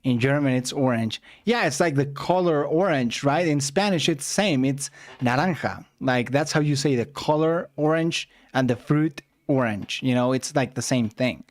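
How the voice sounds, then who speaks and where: A man chatting casually as a reaction streamer, musing aloud in a relaxed, easygoing way. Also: mid-range voice, normal speed. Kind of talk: casual chat.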